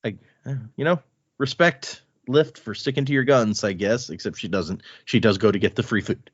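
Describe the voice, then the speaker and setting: A man's voice: on the low side, moderate pace, husky, no echo, lo-fi sound. A man co-hosting a podcast, casually and animatedly retelling chapters of a book. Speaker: podcast co-host.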